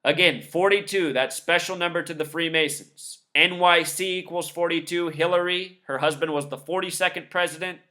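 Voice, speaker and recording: Over news clips, a man narrates a scornful, emphatic commentary, reeling off numbers in sequence. He speaks at normal speed with hardly any pauses, in a steady, sharp tone and a voice on the high side.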